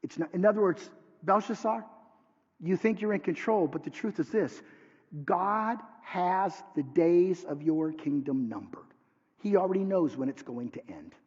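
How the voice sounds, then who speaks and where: A man who is a pastor, preaching a sermon with dramatic swings from hushed lines to near shouts. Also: sits high, animated, measured pace, slightly rough. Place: church sanctuary. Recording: dull sound with long hall reverb.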